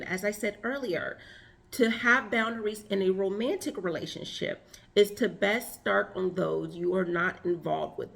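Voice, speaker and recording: A woman's voice: fairly low pitch, creaky. A woman coaching viewers on relationships, talking earnestly and stressing points with repeated lists. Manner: earnest, emphatic, lists with repetition. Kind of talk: advice talk to camera.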